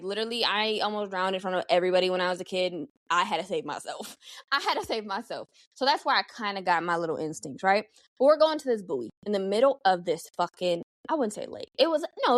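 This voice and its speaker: A young woman hosting a casual solo podcast, animated and slangy, swearing freely as she talks. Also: medium pitch, dry recording, studio quality. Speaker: podcast host.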